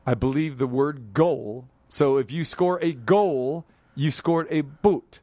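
A man's voice: medium pitch, slow, warm tone, no room sound. A man hosting a sports radio show, chatting casually, joking and rambling about hockey. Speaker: radio sports talk host.

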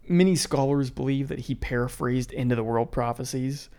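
A man co-hosting a casual podcast, relaxed as he reads out history facts and then riffs on them. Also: medium pitch, normal speed. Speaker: podcast co-host presenting history.

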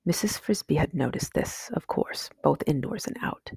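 A woman reading a storybook chapter aloud in a steady, measured way. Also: low-pitched, vocal fry, slightly rough, no echo, studio quality. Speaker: audiobook reader. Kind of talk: storybook narration.

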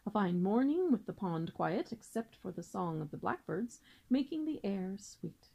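A woman's voice: medium pitch, very animated, normal speed, creaky, warm tone. A woman reading aloud and voicing a pompous, long-winded male father swan who lectures formally.

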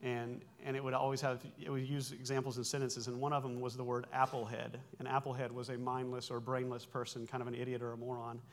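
A man's voice: mid-range voice, monotone, quick pace, few pauses. Man in his forties preaching a sermon. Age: 40s. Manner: explanatory and conversational, with self-corrections and wry asides. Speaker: pastor.

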